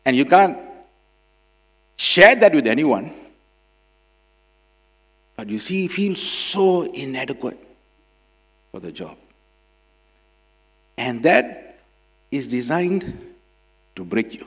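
A man from Singapore, preaching a sermon and swinging between loud emphasis and quiet drops. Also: on the high side, animated, slow, pauses often. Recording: long hall reverb with mains hum.

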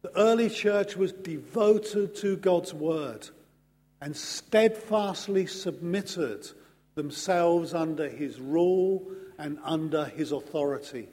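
A man preaching a sermon in an earnest, measured way, pausing slowly for emphasis. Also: a little high, darkish tone. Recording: long hall reverb.

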